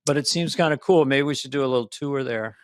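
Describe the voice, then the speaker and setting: A man in his sixties co-hosting a podcast in casual chat, animated and fond of breaking into accents. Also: mid-range voice, quick pace, no echo, studio quality. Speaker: podcast co-host.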